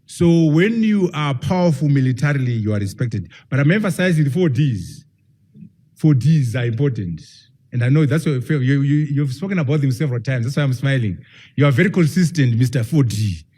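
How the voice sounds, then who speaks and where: A man's voice: mid-range voice, lively intonation, a little fast, dark tone. A man, a professor, giving an emphatic public lecture and firing rhetorical questions at his audience.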